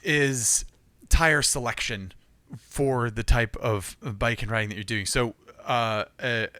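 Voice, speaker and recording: A man co-hosting a casual podcast, relaxed and laughing easily while explaining things. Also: mid-range voice, slow, smooth, no room sound. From California. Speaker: podcast co-host.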